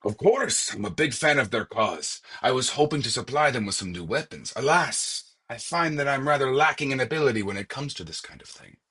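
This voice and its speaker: Man doing a hammy high-pitched tavern patron, game character, husky edge. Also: lively intonation, brisk, hardly any pauses, pushed and bright. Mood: theatrical. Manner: hammy, put-on reading of game dialogue. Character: theatrical male tavern patron backing rebels.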